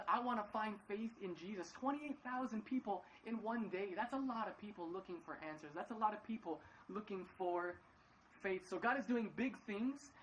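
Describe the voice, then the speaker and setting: A man's voice: sits high, fairly bright tone, slight background noise, rough recording. A man preaching a casual livestream sermon from his living room, chatty and upbeat, with many fillers and restarts, acting out quoted lines in playful voices. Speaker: pastor.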